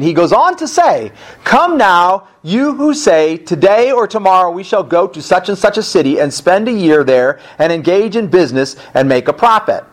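A male pastor preaching a sermon at a church service, emphatic, with rhetorical questions and casual asides. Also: high voice.

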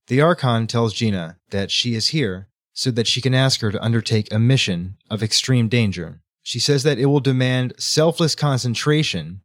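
A man's voice: medium pitch, normal speed, hardly any pauses, dry recording, clean studio sound. A man hosting a casual book discussion podcast, recapping a chapter in a chatty way. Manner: chatty retelling, acting out characters. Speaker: podcast host.

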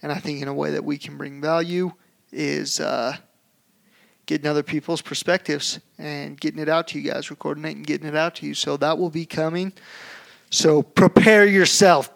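Gravelly-voiced man telling a story. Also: a little high. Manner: animated storytelling, acts out shouting. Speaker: podcast co-host. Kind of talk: casual chat.

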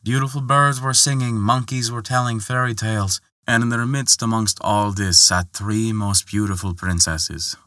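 Bright, dry-voiced male storyteller. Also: moderate pace, few pauses, dry recording. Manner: expressive, lifts pitch for quoted characters. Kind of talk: scripted folktale narration.

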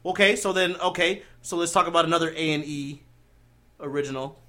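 A man's voice: on the high side, a little fast, bright, forceful tone. A young man hosting a casual chat with friends, laughing often and joking crudely. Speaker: podcast host.

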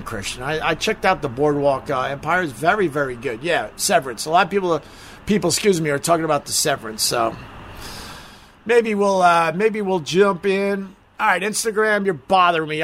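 High, bright-voiced man rambling on a stream. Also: slight background noise. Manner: rambling, self-mocking, swears casually. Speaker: live streamer. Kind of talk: casual live-stream chat.

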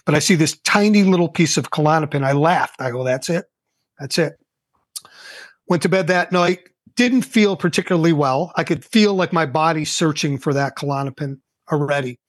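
Older male guest, animated storyteller, slightly high voice, dry close sound. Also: fairly quick, dry recording. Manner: animated, acts out quoted dialogue. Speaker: guest, entrepreneur. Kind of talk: casual interview storytelling.

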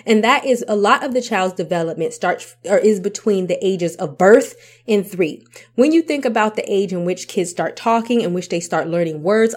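A woman's voice: fairly low pitch, a little mellow. A woman vlogger talking to camera about parenting, with emphatic repetition and rhetorical questions. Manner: emphatic, repeats points, asks rhetorical questions. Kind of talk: casual advice talk to camera.

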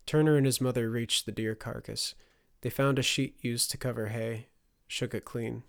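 A man narrating a fantasy audiobook in a steady storytelling delivery. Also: medium pitch, gravelly.

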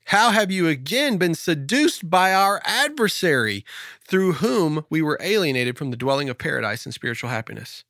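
A man's voice: fairly high pitch, big pitch swings, normal speed, bright, forceful tone, no room sound, studio quality, pitched above the performer's own voice, heavily acted. A man reading aloud the lines of the first man, solemn and reproachful.

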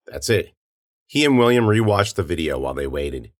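A man narrating a story in a steady storytelling manner, giving characters their own voices. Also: deep voice, brisk. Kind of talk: audiobook narration.

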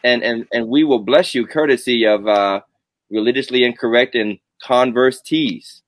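A man's voice: mid-range voice, normal speed, dry recording. A man hosting a casual live stream, joking and drawing out his announcements. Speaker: host.

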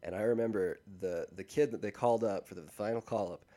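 A man co-hosting a podcast in casual chat, joking and talking quickly with lots of false starts. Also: lowish voice, dark tone. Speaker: podcast co-host.

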